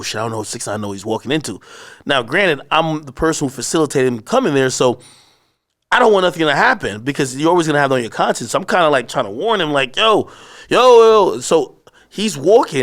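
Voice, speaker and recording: Animated man telling a story. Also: mid-range voice. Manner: animated storyteller, acts out shouted quotes; profane, slangy. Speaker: interview guest. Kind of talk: casual storytelling interview.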